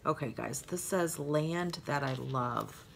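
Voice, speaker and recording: A woman's voice: low voice, slow, gravelly, slight background noise. An older woman, a grandmother, chatting in a rambling, heartfelt way on her planner vlog while she decorates pages. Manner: rambling, heartfelt, trails off into asides. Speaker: planner vlogger.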